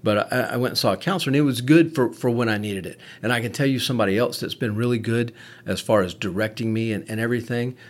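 A man's voice: medium pitch, fast. A man, a medic and podcast host, telling a candid story in casual conversation with frequent swearing.

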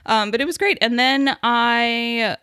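A woman co-hosting a podcast, chatting casually as an animated storyteller who laughs often. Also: a little high, unhurried, smooth, dry recording, clean studio sound. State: recovering from a face injury. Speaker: podcast co-host. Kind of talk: casual chat.

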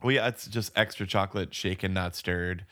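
A man co-hosting a podcast, joking and chiming in with quick agreement. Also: sits low, fairly even intonation, pushed and bright. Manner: lots of short agreeing replies, jokey. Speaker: podcast co-host. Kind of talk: casual movie-review chat.

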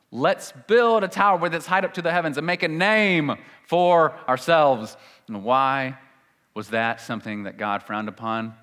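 A man preaches a sermon emphatically, moving between loud declarations and hushed asides and reading scripture with dramatic weight. His voice is mid-range.

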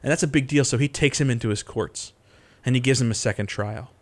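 A man casually retelling a Bible story as a podcast co-host, animated and full of fillers. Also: medium pitch, fast.

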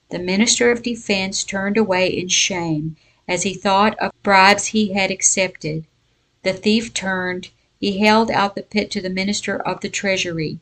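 In a devotional Bible lesson, a woman reads out a folk tale at a measured storytelling pace. She's a Bible teacher, and her voice is medium in pitch.

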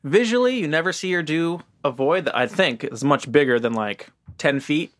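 Guest filmmaker, man, mid-pitched, easygoing and reflective, dry studio sound. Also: lively intonation, normal speed, fairly bright tone, no echo. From Ohio, US. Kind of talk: casual podcast chat.

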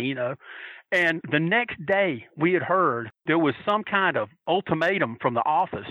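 A man casually telling a long anecdote, animated and acting out the people he quotes. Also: on the high side, normal speed, no echo, phone-quality sound. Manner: animated, acts out quoted voices.

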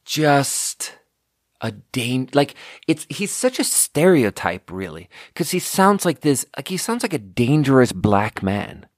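A man's voice: mid-range voice, no room sound, clean studio sound. A man talking casually on his podcast, rambling and swearing and often restarting his sentences. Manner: profane, digressive, restarts often.

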